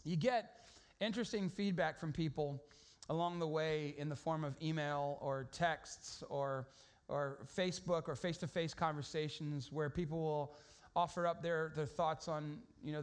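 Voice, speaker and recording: Man, pastor, high voice, conversational sermon, storytelling, lots of restarts. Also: fairly even intonation, normal speed.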